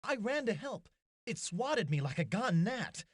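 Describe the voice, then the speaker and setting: An actor playing an eager, brave young fisherman's son in a studio game, telling his father a story with excited energy. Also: sits high, measured pace.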